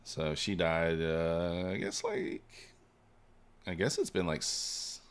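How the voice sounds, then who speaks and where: A man's voice: low-pitched, huge pitch swings, slow, gravelly, clean tone. A man chatting casually on a live trading stream, rambling with lots of fillers and trailing off.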